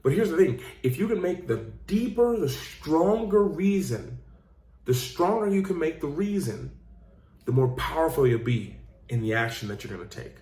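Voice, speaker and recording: A man's voice: on the high side, very animated, normal speed, dark tone. A man, a life coach and host, giving an earnest motivational talk with emphatic, repeated phrases. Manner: earnest, emphatic storytelling with repetition. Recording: roomy echo.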